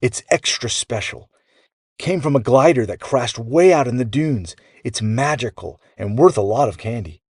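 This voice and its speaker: A man voicing a cheerful, clever young boy inventor who speaks softly and playfully. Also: medium pitch, animated, normal speed, slightly rough, dry recording, studio quality. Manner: soft, playful and easygoing.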